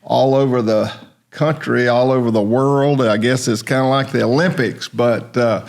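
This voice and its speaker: A man's voice: mid-range voice, fairly even intonation, moderate pace, vocal fry, a little mellow. An older man hosting a casual podcast chat, rambling along in a folksy storytelling way. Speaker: host.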